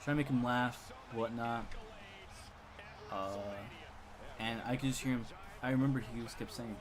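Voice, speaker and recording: A man's voice: medium pitch, steady tone, measured pace, long pauses, crowd noise. A young man casually telling a funny school story on a live stream, rambling with lots of repeats and chuckles.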